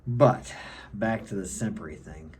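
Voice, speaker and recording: A man's voice: on the low side, unhurried, darkish tone, breathy edge. A middle-aged man giving an opinionated monologue to camera, lecturing and often ending his points with a checking "okay?". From United States. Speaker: self-help vlogger.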